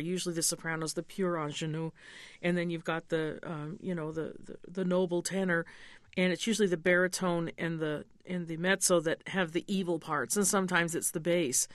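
A woman's voice: on the low side, no echo, studio quality. A middle-aged woman opera singer, interviewed about her roles, speaking thoughtfully and candidly. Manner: thoughtful, candid, coaches pronunciation slowly. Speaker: opera singer, mezzo-soprano guest. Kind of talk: interview conversation.

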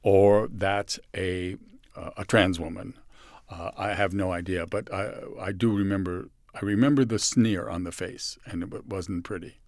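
A lower-pitched man guesting on an interview, halting and reflective as he tells his own stories. He often restarts and sinks into a hush when he quotes someone. The sound is close and dry, with no room around him. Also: steady tone, dry recording. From San Francisco, USA. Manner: halting with restarts, soft dramatic dips when quoting others. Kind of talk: reflective personal storytelling.

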